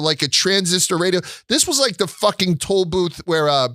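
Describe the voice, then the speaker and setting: A young adult man hosting a casual chat, telling stories in an animated way and swearing often. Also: a little high, normal speed, few pauses, no echo, studio quality. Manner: animated storytelling with frequent swearing. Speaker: host.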